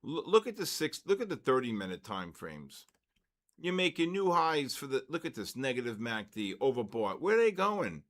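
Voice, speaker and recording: An older man hosting a live trading session, telling personal stories and calling market moves with loud excitement. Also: medium pitch, moderate pace. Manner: storytelling, then loud excited market calls. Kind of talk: live trading stream chat and storytelling.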